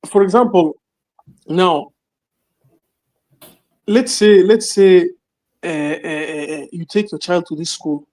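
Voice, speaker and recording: A man's voice: high-pitched, steady tone, takes it slowly, pauses often, darkish tone. A man joining a podcast call, explaining his point hesitantly. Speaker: podcast guest. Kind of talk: casual chat.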